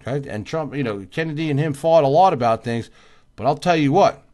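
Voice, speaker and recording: A tired man hosts a casual livestream, answering viewer comments by name in an emphatic, repetitive way and yawning now and then. His fairly high voice is animated with a darkish tone and a slightly fast pace.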